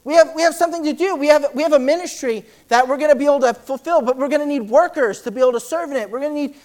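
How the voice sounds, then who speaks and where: An excited preacher, his voice extremely high in pitch, reads scripture aloud as part of a church sermon. He speaks rapidly and tends to repeat words while driving his point forward.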